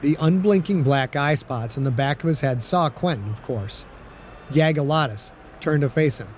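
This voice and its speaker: A man narrates an audiobook with a steady storytelling delivery. His voice sits slightly higher than most men's, and a faint hum of noise lies under the recording. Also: normal speed.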